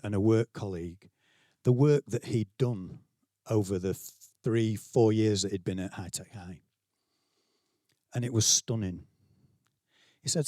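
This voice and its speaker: Brief: middle-aged Yorkshire man at a conference, chatty keynote storyteller, lower voice, dry close sound. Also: darkish tone, no room sound. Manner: conversational, self-deprecating, acts out quotes. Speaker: keynote speaker, school leader. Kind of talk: conference talk, anecdotal storytelling. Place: conference venue, speaking to staff.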